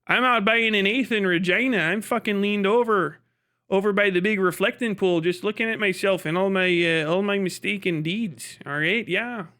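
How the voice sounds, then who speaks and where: A man's voice: high-pitched, moderate pace, pushed and bright. A man doing a stoned young party guy. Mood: boastful.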